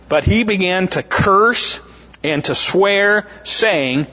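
A man's voice: high-pitched, unhurried, pushed and bright, in a large hall. A man preaching an informal sermon, retelling scripture in a conversational way with fillers and restarts, acting out the quoted voices.

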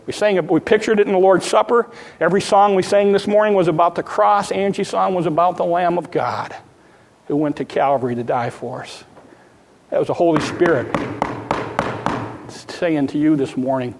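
A man preaching a sermon, swinging from hushed pleading to loud exclamation. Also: fairly high pitch, fairly even intonation, brisk. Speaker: pastor. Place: church sanctuary. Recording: long reverb of a church hall.

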